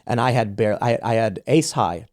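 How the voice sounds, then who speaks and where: A man's voice: lowish voice, expressive, normal speed, a little mellow. A man hosting a podcast, telling a story in casual conversation and acting out the quoted exchanges, often restarting his sentences. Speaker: podcast host.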